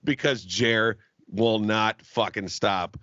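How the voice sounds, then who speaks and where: A young man co-hosting a comedy podcast, ranting and mocking his partner with loud, profane banter. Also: lowish voice, takes it slowly, no room sound, lo-fi sound. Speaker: podcast co-host.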